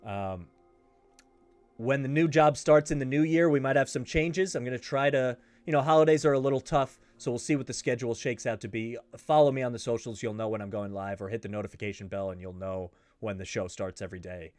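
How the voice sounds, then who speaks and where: A man's voice: mid-range voice, fairly even intonation, fairly quick, darkish tone, dry recording. A man hosting his own sports betting show, talking casually and hammering his points home by repeating them. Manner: emphatic, repeats himself for stress. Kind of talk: casual betting picks talk.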